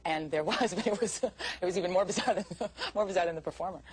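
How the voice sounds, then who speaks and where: A woman's voice: on the low side, quick pace, low-quality recording. A woman in a documentary interview, reminiscing with amusement and laughter. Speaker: interviewee recalling a comedian.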